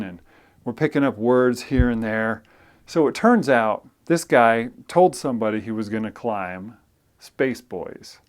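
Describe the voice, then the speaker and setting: Guy telling a story, chatty, self-deprecating, jumps into different voices for the dialogue, mid-range voice. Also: mid-range voice. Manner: animated, acts out dialogue with shifts in voice; self-deprecating, conversational with fillers. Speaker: storyteller and loan officer. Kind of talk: casual spoken storytelling.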